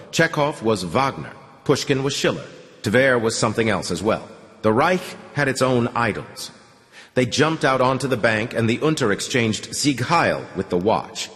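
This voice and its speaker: A man reading an audiobook aloud in an expressive storytelling way. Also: lowish voice. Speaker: audiobook narrator. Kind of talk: scripted narration. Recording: long hall reverb.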